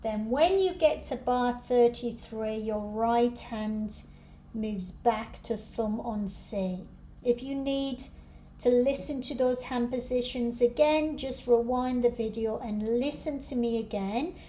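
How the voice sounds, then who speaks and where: Patient female piano teacher, unhurried delivery, light room noise behind. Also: a little high, warm tone. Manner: patient, step-by-step explaining. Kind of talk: home practice instructions.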